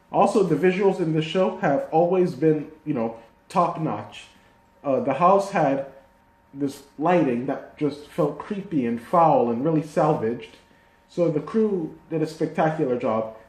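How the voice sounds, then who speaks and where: A man's voice: fairly high pitch, darkish tone. A man giving a casual, rambling video review of a TV season, full of fillers and restarts. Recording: echoey room.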